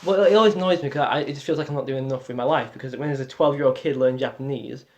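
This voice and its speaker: A man's voice: mid-range voice, rapid-fire, a little mellow. A teenage man with a Northern English accent co-hosting a casual podcast chat, hesitant and rambling with many restarts. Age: teens. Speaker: podcast co-host.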